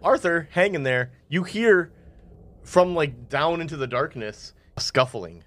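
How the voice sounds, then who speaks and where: A man's voice: fairly high pitch, measured pace. A man as game master of a tabletop role-playing session, talking casually and playfully as he narrates and rules on dice rolls. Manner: laughs often, playful and animated narration.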